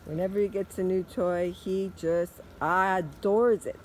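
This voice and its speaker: A woman vlogging outdoors in a yard, talking to her dog in high sing-song baby talk. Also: steady tone, measured pace, a little hiss or hum.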